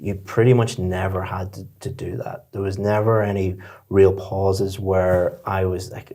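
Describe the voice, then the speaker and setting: Mellow-voiced man giving exam feedback. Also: low voice, level tone, unhurried. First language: English. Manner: patient, encouraging, explains step by step. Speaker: IELTS speaking teacher. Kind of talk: one-on-one spoken exam feedback.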